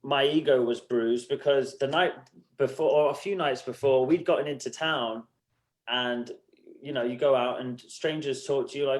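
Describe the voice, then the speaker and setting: An animated man telling a story as a podcast guest. He acts out conversations in other voices and swears freely. His pitch leaps around a lot. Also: normal speed. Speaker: podcast guest, band musician. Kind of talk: casual storytelling.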